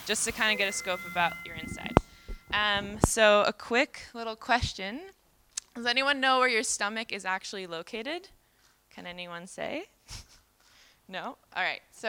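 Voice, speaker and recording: A woman's voice: mid-range voice, sharp tone, clear, resonant tone. An American woman from New York City giving a live seminar lecture on fermentation, casual and chatty with lots of "um" and "like". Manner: casual, chatty, many fillers like "um" and "like". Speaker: fermentation educator and speaker.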